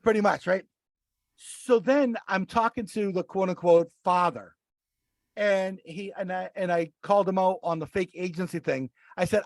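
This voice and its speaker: A man co-hosting a podcast, telling a long story in casual chat, animated and acting out the voices he quotes. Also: sits high, moderate pace, dry recording. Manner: animated, acts out quoted voices, many restarts. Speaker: podcast co-host.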